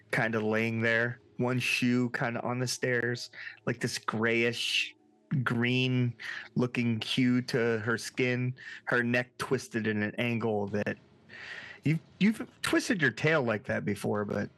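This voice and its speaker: A man narrates a tabletop horror game as its game master. His voice sits at an ordinary middle pitch. He talks casually and hesitantly, with plenty of filler words. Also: fairly even intonation, slow pace, a bit bright.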